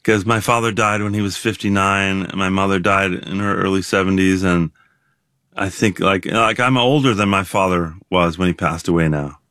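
A man in his sixties, a guest in an interview, talking reflectively with many pauses, fillers and restarts. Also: sits low, a bit bright, no echo, clean studio sound. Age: 60s.

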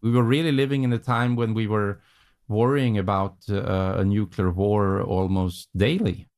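A man's voice: fairly low pitch, fairly even intonation, a little mellow, clear, resonant tone. Male interviewee with a Swedish accent, easygoing, conversational recollection. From Sweden. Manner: unhurried and conversational, with frequent "uh" pauses. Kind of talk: recalling events in an interview.

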